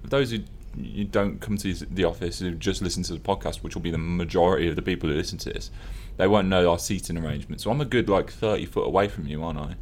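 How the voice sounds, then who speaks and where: Low-voiced Englishman teasing his co-host. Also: quick pace, few pauses, darkish tone. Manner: jokey, teasing banter. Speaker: podcast co-host. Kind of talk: casual chat. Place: office.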